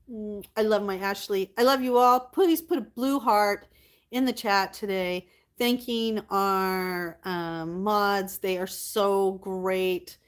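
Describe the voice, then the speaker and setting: A woman hosting her livestream, chatting casually with viewers, reading their comments aloud and thanking them warmly. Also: medium pitch, steady tone, unhurried. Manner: affectionate, thanks viewers often. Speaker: livestream host.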